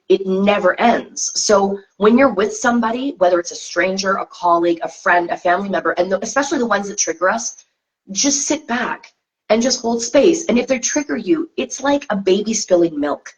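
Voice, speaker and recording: A woman's voice: medium pitch, normal speed. A woman co-hosting a spiritual tarot chat, talking earnestly in repeated coaching phrases over a video call. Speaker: co-host of tarot reading show. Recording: slightly dull lo-fi sound.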